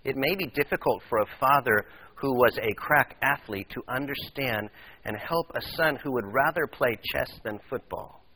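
A male pastor with a bright, forceful voice delivers a sermon, moving between storytelling and direct appeals to his congregation. His pitch sits in an ordinary middle range. A faint hiss of noise runs underneath the recording. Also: normal speed, rough recording.

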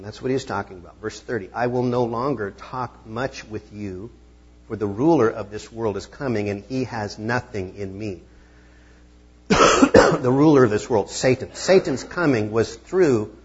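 Husky-voiced man preaching a sermon. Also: lowish voice, lo-fi sound. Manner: conversational, acts out voices of the disciples. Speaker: pastor.

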